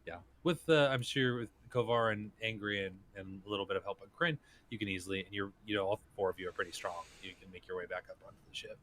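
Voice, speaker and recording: Low-voiced man running a tabletop game. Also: quick pace, few pauses. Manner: relaxed, loose narration with restarts. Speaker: game master.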